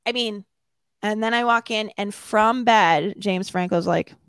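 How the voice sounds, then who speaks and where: Woman, interview guest, animated storytelling, self-mocking, laughs a lot, dry close sound. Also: medium pitch, measured pace, clear, resonant tone, dry recording.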